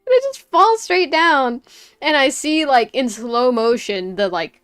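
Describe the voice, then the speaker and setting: A woman streamer telling a story in casual chat, animated, laughing often and full of fillers. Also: high-pitched, takes it slowly, smooth, faint music behind.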